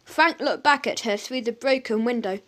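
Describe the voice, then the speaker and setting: A woman narrating a children's audiobook in an expressive storytelling manner. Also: a little high, normal speed, background noise.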